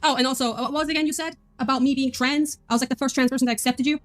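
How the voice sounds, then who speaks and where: Blunt, rapid, high-voiced woman. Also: fairly even intonation, dry recording. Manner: blunt, confrontational, sarcastic. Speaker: caller confronting another. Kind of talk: heated group voice call.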